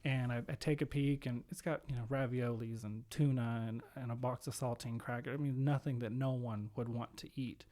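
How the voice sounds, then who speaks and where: Man telling stories with animated quoted voices. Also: medium pitch, brisk, hardly any pauses. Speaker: podcast guest, home care executive. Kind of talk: conversational storytelling.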